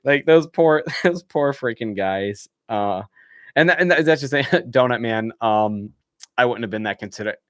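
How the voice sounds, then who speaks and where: Animated young man telling a story. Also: mid-range voice, moderate pace, dry recording, clean studio sound. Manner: animated, laughs often, acts out what people said. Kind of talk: casual storytelling on a live stream.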